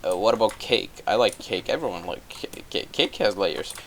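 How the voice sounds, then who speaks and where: A man's voice: lowish voice, animated, normal speed, fairly bright tone, slight background noise. A young man quoting a chatty, nervous male donkey, rambling and whiny in his own voice.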